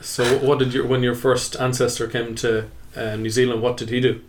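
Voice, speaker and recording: A man co-hosting a comedy podcast, chipping in with quick joking asides. His voice sits at a middling pitch for a man. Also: little pitch movement. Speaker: podcast co-host.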